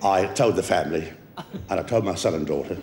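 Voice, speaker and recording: A man giving an after-dinner comedy speech as guest of honour at a lunch, delivering deadpan one-liners and chuckling at his own jokes. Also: low-pitched, brisk. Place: lunch banquet hall. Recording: echoey hall, laughing audience, background noise.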